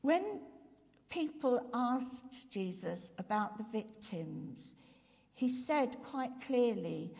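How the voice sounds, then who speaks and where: A woman with a fairly high, mellow voice preaches a reflective sermon, often putting questions to her congregation. She speaks slowly, with wide pitch swings and vocal fry. The long reverb of a large hall surrounds her.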